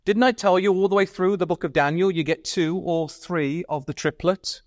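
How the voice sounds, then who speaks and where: A man's voice: sits high, moderate pace, hardly any pauses, no echo. A man preaching a sermon at a Bible school, earnestly pressing his listeners with repeated questions and stumbling over his words when stirred.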